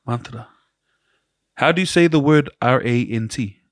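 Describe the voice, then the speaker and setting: A man's voice: medium pitch, normal speed, dry recording. Laid-back New Zealand man, dry close mic. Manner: relaxed, storytelling, laughs often. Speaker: podcast co-host. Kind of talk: casual chat.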